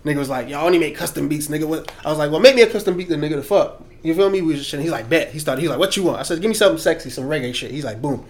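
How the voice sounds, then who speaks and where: A man in casual chat, telling fast and excited stories about writing and recording his own song. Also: a little high. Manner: fast, excited storytelling with slang.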